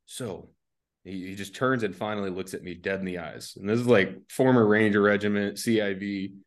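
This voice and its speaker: Speaking briskly in a fairly low, steady voice, a U.S. army veteran on a podcast rambles through a relaxed story, laughing as he tells it.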